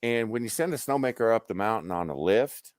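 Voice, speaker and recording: A man's voice: fairly low pitch, a little fast, no room sound, clean studio sound. A man telling stories casually as a guest, swearing freely and acting out what people said. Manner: animated, profane, acts out quoted dialogue. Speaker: guest on a stream. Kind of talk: casual storytelling.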